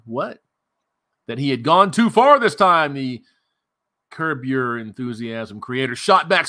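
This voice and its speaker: Bright-voiced man ranting sarcastically. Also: mid-range voice. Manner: mocking, profane, sarcastic. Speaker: commentary channel host. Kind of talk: ranting commentary on a news story.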